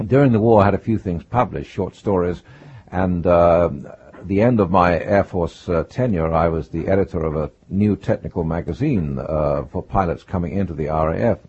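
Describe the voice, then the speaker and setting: An older man with a husky, low voice recalls his past in an interview. His accent mixes British and North American sounds. He talks haltingly, full of fillers, and the recording is dull and lo-fi. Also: darkish tone. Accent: mixed British and North American. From England. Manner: hesitant, many fillers. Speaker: guest, writer.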